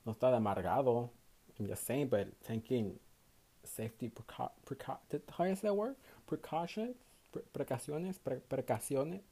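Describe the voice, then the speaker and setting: A man's voice: mid-range voice, normal speed, warm tone, husky. Tired young man with a Mexican Spanish accent. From Houston, Texas, USA. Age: young adult. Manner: swears a lot, switches between English and Spanish. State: tired after night shift. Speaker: podcast host. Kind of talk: casual solo podcast monologue.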